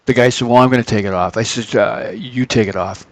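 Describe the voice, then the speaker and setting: A man hosting a live trading stream talks casually into a close mic in a dry room. He has a mid-range voice and tells his stories animatedly, jumping up in pitch when he acts out the people he quotes. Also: brisk, no room sound.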